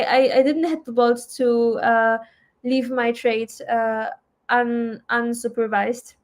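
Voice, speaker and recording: A woman hosting a live trading stream in a casual, chatty way, reading viewer comments aloud and answering them. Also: sits high. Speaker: trading livestream host. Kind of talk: casual livestream chat.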